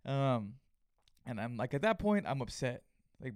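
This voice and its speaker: A man's voice: mid-range voice, very animated, a little slow, pauses often, a little mellow, dry recording, clean studio sound. A man hosting a solo podcast, telling a story in a rambling, casual way full of fillers. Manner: rambling, filler-heavy, conversational. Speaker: podcast host.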